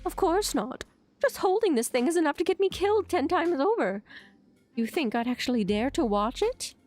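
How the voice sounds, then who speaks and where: A woman's voice: high-pitched, very animated, normal speed, a little mellow, faint music behind, pitched above the performer's own voice. A woman doing a jittery informant in hiding. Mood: anxious. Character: nervous young informant hiding in fear.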